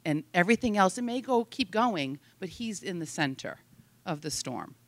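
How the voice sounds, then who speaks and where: A woman's voice: on the low side, normal speed, no echo. A woman sharing a devotional thought in a casual, rambling way, often laughing. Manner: giggly, rambling, lively.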